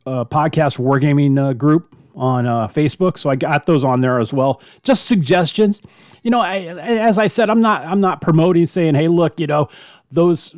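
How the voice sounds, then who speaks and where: A podcast host with a fairly high voice chats casually through listener email for his hobby show, rambling with many fillers and restarts. The recording is clean studio sound with no room noise.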